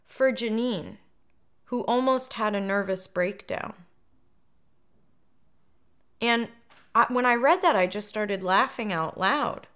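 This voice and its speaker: A woman speaking candidly in an interview, hesitant and self-reflective with frequent pauses. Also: mid-range voice, fairly bright tone.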